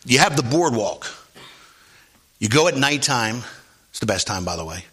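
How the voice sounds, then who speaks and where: A male pastor delivering a sermon, swinging between quiet low asides and high, shouted exclamations. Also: very animated, moderate pace, husky. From Philadelphia area.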